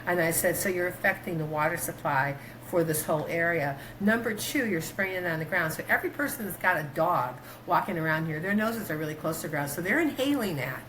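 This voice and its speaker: A woman doctor talking in a casual interview, rambling through stories with many fillers and restarts, her pitch jumping when she quotes herself. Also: brisk, few pauses, a little hiss or hum, poor audio. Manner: animated, pitch jumps when quoting herself. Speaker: guest, doctor.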